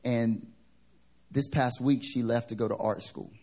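A male pastor from the American South, preaching a sermon through funny personal stories, animated and joking. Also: medium pitch, measured pace. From Southern United States. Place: church service.

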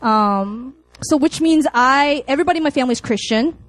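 A woman's voice: sits high, a little fast, dry recording, rough recording. A young adult woman preaching a sermon to college students, telling a story with laughs and acted-out lines.

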